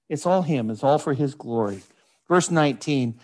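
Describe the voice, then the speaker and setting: A man's voice: mid-range voice, expressive. A man preaching a sermon in a conversational, folksy way, with frequent asides and scripture read aloud. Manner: reads scripture aloud in measured voice. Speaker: pastor.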